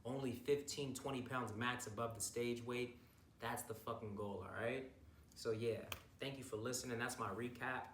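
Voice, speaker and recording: A man's voice: mid-range voice, fairly even intonation, normal speed, fairly bright tone. Hyped, profane young man vlogging from a distance. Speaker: bodybuilder vlogger. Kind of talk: casual recap vlog. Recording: roomy, distant from mic, faint noise.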